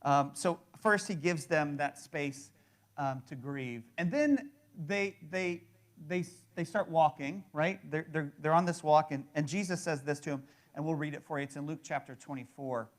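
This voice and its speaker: Male pastor, 30s, slightly high pitch, casual conversational sermon delivery. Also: moderate pace. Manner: conversational, repeats words and restarts, fills with "right?".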